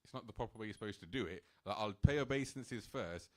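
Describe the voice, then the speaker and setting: A man, speaking at a temple program and telling a personal story in an animated, casual way, full of "like" fillers and little laughs. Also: on the low side, fast.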